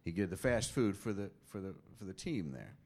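Deadpan male talk show host. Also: low voice, brisk. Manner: deadpan, dry, affable. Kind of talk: casual interview chat, dry deadpan. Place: live show on a stage.

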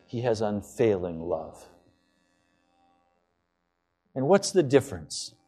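A man's voice: fairly low pitch, sing-song, slow pace, dark tone, faint music behind. A male pastor delivering a sermon to his congregation, building to fervent declarations. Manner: impassioned preaching, rising to fervent declarations.

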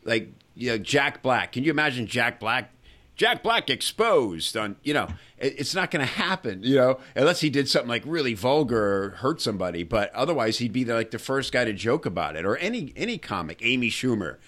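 A man's voice: medium pitch, big pitch swings, fairly quick, fairly bright tone. A man hosting a podcast, chatting casually with a guest and filling his talk with "you know" and "like.". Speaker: podcast host.

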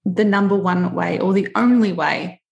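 A woman's voice: on the low side, normal speed, vocal fry, highs cut off. An Australian woman hosting a podcast in a chatty, self-mocking way with easy laughter. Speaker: podcast host. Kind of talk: casual podcast chat.

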